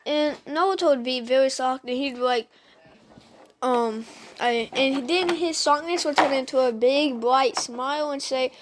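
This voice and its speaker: Talking directly to her audience at a measured pace, this woman has a high-pitched voice and background noise around her. She recounts a fan's story informally, hesitating often with "um"s and starting over.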